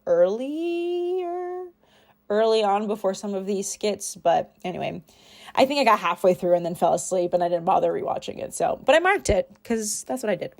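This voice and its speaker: A woman's voice: medium pitch, vocal fry, darkish tone. Chatty young woman rambling through her week. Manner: rambling, chatty, self-deprecating. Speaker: planner vlogger. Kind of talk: casual voiceover chat. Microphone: home voiceover mic.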